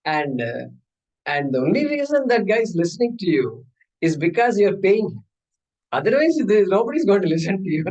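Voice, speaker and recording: In a poor-quality recording, a man whose voice sits on the high side leads a scripture class. His style is animated and playful, full of rhetorical questions and small acted-out scenes.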